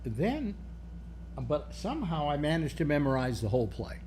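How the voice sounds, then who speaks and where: An older man hosts a loose panel chat, rambling and sarcastic, restarting his sentences often. His pitch swings widely while his tone stays mellow. A faint hiss sits under the voice. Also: sing-song, normal speed. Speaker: radio show host.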